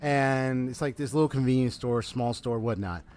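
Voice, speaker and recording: A man's voice: medium pitch, moderate pace, a little mellow. A man streaming a video game live, chatting casually and telling a story with frequent laughs. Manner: chatty storytelling, laughs often, reads game dialogue aloud. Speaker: gaming streamer. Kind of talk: casual live gameplay chat.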